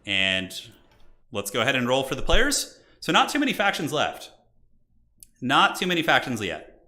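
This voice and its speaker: A young man casually commentating a live game stream, excitable and joking. His voice is bright and forceful, and his pitch swings a lot. He chats straight to his viewers. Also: normal speed. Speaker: streamer hosting multiplayer matches.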